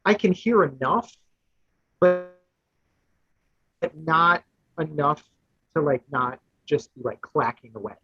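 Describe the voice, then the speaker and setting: A man, a guest contestant, telling a rambling, animated anecdote in casual chat. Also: a little high, takes it slowly, pauses often, music in the background. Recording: dull lo-fi dry audio.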